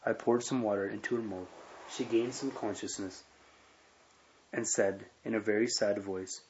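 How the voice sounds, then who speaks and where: A man reading the lines of a cautious, sympathetic married man in a measured, reassuring tone. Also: fairly low pitch, fairly even intonation, a little mellow, a little hiss or hum, natural voice. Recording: dull lo-fi recording.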